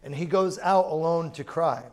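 A male pastor delivers a sermon in an easy, conversational style, with lots of asides to the room. His voice sits a little high for a man. He sounds like he is speaking in a church hall. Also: moderate pace, a little mellow. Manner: informal, chatty asides.

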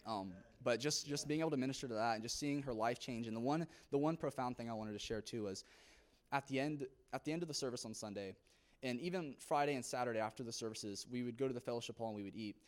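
A man's voice: mid-range voice, fast. A young man from a church youth group giving an earnest testimony to a congregation, telling his story with many fillers.

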